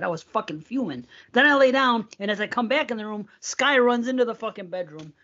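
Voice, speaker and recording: A man's voice: high-pitched, animated, a little fast, hardly any pauses, a bit bright. Man, middle-aged, podcast co-host, profane, rambling, casual, dull lo-fi sound. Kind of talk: casual chat.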